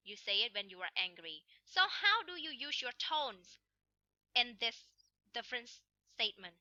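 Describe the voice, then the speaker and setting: A woman's voice: on the high side, sing-song, sharp tone, no echo, muffled recording. A woman teaching an English listening lesson, explaining each step and then repeating it in Khmer. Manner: clear, slow, instructional delivery of examples. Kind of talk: recorded online lesson.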